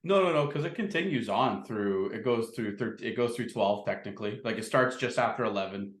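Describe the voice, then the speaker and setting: Relaxed man co-host in an echoey room. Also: lowish voice, fairly quick. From Canada. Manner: relaxed, loose, jokey. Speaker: podcast co-host. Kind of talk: casual chat.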